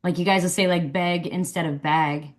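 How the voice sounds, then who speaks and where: A woman's voice: fairly low pitch, fairly even intonation, a little fast. Hesitant woman guest on a call. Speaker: interview guest. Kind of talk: casual video call interview.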